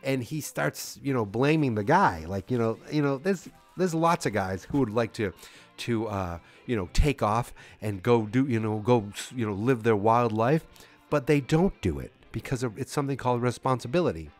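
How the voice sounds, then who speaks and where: A man's voice: medium pitch, animated, normal speed, soft background music. A man hosting a podcast, recapping casually in a rambling way with many fillers and restarts. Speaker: podcast host.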